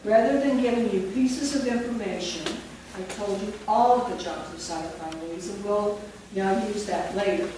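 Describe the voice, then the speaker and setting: A woman trains teachers, dictating words and quizzing the class as she goes. She sounds far from the microphone in a very echoey room. Steady noise hums beneath her. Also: medium pitch, moderate pace.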